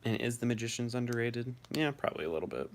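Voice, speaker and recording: A man's voice: medium pitch, lively intonation, fast, slight background noise. A man hosting a casual live stream, reading viewers' messages aloud and answering them offhandedly.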